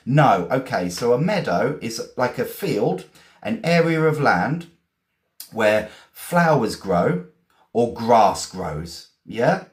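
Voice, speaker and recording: A man from England with an English accent, teaching vocabulary in a chatty, encouraging way, repeating and spelling words slowly. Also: mid-range voice, sing-song, roomy sound. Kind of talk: live-streamed vocabulary lesson.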